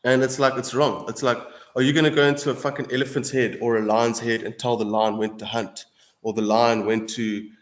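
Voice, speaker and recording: Young male streamer, mid-pitched, ranting hard and swearing, echoey room. Casual defiant monologue. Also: flat delivery, brisk. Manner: heated, profane, repeats "bro" and "dude". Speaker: streamer answering viewers.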